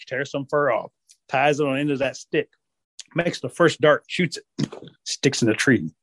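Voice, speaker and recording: A man telling a traditional folk tale as a storyteller, animated and drawn out. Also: medium pitch, moderate pace, dry recording. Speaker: Cherokee storyteller.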